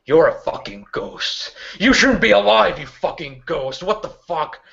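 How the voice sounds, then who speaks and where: A man's voice: a little high, animated, a little slow, gravelly, a bit bright, pitched above the performer's own voice, exaggerated voice. A game master voicing a furious, foul-mouthed woman gang boss, swearing constantly and hurling accusations. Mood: outraged. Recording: dull lo-fi recording.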